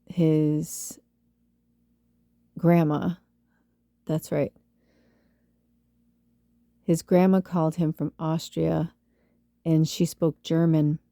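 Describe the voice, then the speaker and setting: A woman's voice: low-pitched, dark tone, no room sound, studio quality. A woman from the Chicago suburbs, telling a rambling, profanity-laced story on her spiritual podcast, full of fillers and laughs. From Chicago suburbs, US Midwest. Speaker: spiritual medium podcast host. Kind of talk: casual storytelling monologue.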